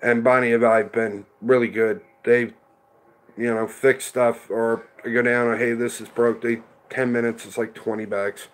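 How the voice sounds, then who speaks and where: A man's voice: medium pitch, level tone, normal speed. A middle-aged man hosting a casual livestream, chatting rambly and answering viewers by name. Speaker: livestream host reading chat.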